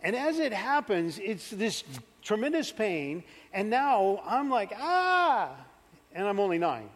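Animated high-voiced man preaching. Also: measured pace. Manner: animated storytelling, acts out his younger self. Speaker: pastor. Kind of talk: sermon with personal story. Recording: church hall reverb.

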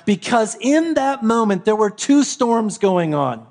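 A man with a fairly high voice delivers a sermon at a slow, measured pace. He is a pastor retelling a story to his congregation, repeating phrases for rhythm. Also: very animated. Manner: storytelling, repetitive, builds then softens. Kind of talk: Christmas Eve sermon.

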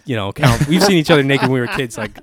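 A man's voice: mid-range voice, animated, fast talker. A young man hosting a podcast, telling a story in a laid-back, profane way that often breaks into laughter. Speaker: podcast host. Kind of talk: casual storytelling.

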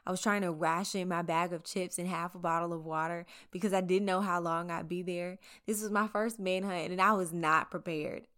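This Southern woman, a local TV reporter, reads a scripted first-person account of her own story with candor, a conversational feel, and wry asides. Her voice is lowish and a bit bright.

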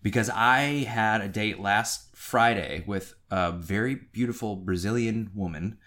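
A middle-aged man co-hosting a podcast, telling a story in a casual way and acting out quotes with sudden high-pitched jumps. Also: a little slow, fairly bright tone. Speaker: podcast co-host.

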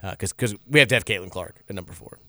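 A man's voice: lowish voice, fast, pushed and bright, no room sound. A man hosting a sports radio show in casual talk, blunt and opinionated, often stumbling and restarting his sentences. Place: radio studio.

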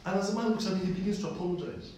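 A man's voice: high-pitched, very fast, mellow, a little hiss or hum. A man preaching a sermon, telling a personal story and repeating phrases for emphasis. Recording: echoey distant room recording.

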